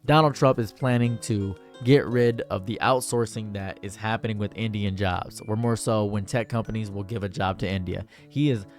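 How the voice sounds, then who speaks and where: A man's voice: fairly low pitch, steady tone, moderate pace, few pauses, faint music behind. A young man doing sarcastic, exasperated commentary as a streamer, ranting about a pet peeve.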